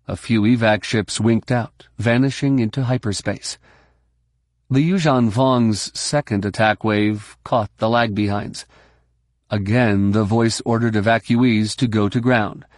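A man narrating an audiobook in a brisk, steady storytelling manner. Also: on the low side, dry recording, clean studio sound. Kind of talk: scripted narration.

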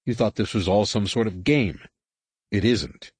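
A man's voice: on the low side, measured pace, breathy edge, no echo. A man voicing a stern, commanding teenage male Jedi who speaks in a firm, clipped way.

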